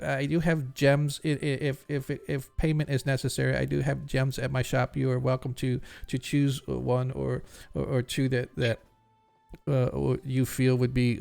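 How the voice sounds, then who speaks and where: A man's voice: mid-range voice, fairly even intonation, normal speed, vocal fry, darkish tone, lightly acted. A man voicing a nervous, stammering middle-aged male jeweler who is worried about a missing friend.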